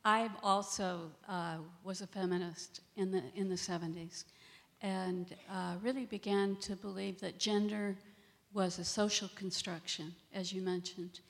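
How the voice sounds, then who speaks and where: A woman in her sixties in the audience, asking a question hesitantly with pauses. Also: mid-range voice, fairly even intonation, gravelly. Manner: hesitant, halting with fillers. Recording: reverberant hall.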